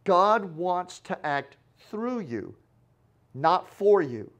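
A man preaching a sermon in a high voice, taking his time over each phrase. He acts out the quoted lines with dramatic shifts, pausing to let points land. His delivery is animated and unhurried. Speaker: pastor.

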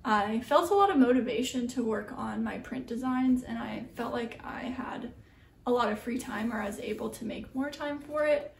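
A woman's voice: fairly high pitch, moderate pace, gravelly, a little hiss or hum. A young woman, a printmaking artist, chatting casually in a vlog, rambling with lots of ums and likes, in a small studio. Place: small home art studio. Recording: echoey room, mic at a distance.

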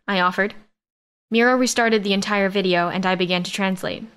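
A woman reads a first-person science-fiction romance audiobook in a steady, expressive narration. Her voice sits at an ordinary mid pitch and keeps an even storytelling flow. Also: fairly quick, clean tone.

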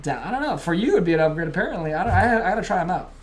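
A man's voice: sits high, very animated, rapid-fire. A young man co-hosting a podcast in casual chat, laid-back and swearing a lot, calling his friend bro and dude. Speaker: podcast co-host.

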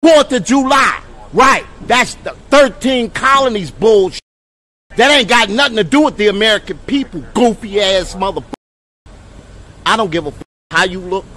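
A man in a heated street confrontation, shouting and taunting with profane insults. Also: high-pitched, lively intonation, moderate pace, slight background noise. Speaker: man confronting police officers.

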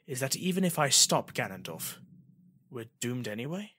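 Man voicing a young male hero, angry, demanding, bright voice, storybook. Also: mid-range voice, big pitch swings, normal speed, slightly rough, no room sound, heavily acted. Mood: uneasy.

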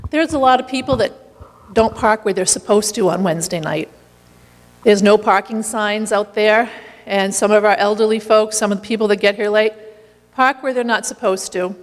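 A woman sharing a lively personal story in a church, laughing now and then as she talks. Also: medium pitch, big-room sound. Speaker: community meal volunteer leader.

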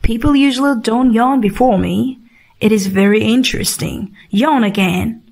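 A woman's voice: a little high, moderate pace, gravelly, darkish tone. A woman reading the part of a proud, bossy king in a storybook, giving orders in a commanding way.

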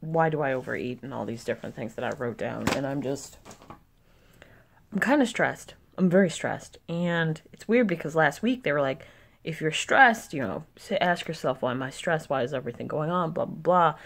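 A woman's voice: deep voice, moderate pace, gravelly. A young woman vlogging casually, venting in an irritated way and swearing often. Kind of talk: casual vlog chat.

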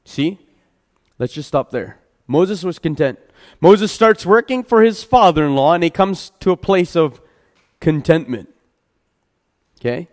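In a church hall with long reverb, a pastor chats with his congregation during a casual midweek sermon. His fairly high, slightly mellow voice has lively intonation and an unhurried pace with frequent pauses, and he trips over words and laughs at himself.

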